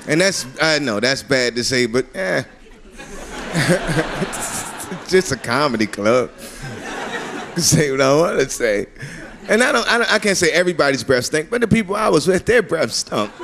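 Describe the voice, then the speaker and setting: A man performing a stand-up comedy routine on a club stage, animated and often laughing at his own jokes. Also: fairly high pitch, measured pace, vocal fry, long pauses. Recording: live club recording with crowd noise. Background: audience laughter and room noise.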